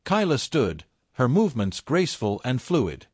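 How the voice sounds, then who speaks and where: A man reading a story as its narrator in a measured, descriptive way. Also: mid-range voice, wildly swooping pitch, husky, no room sound, studio quality.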